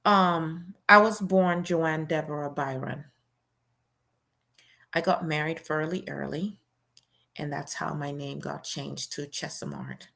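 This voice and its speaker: A woman's voice: low voice, slow pace, gravelly, a bit bright. A woman hosting a show, reading a memoir aloud in the first person in a plain, conversational storytelling way with casual fillers.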